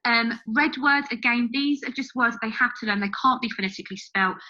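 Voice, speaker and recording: A woman's voice: a little high, brisk, bright, forceful tone, lo-fi sound. A woman teacher explaining a writing method to parents, step by step with the odd filler.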